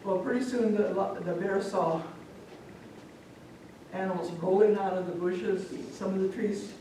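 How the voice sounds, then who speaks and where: A woman from Omaha telling a folk tale live to an audience, animated and speaking directly to listeners. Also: mid-range voice, unhurried, slight background noise. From Omaha, Nebraska. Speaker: storyteller. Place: live public event, echoey room. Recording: echoey hall from far off.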